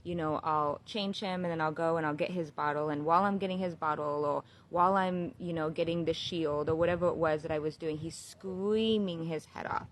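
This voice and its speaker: A woman, a new mother, talking to her viewers in a casual, heartfelt monologue, earnest and unhurried, with many fillers like "you know" and "like.". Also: low voice, fairly even intonation, a little hiss or hum. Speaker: new mother sharing a spiritual reflection.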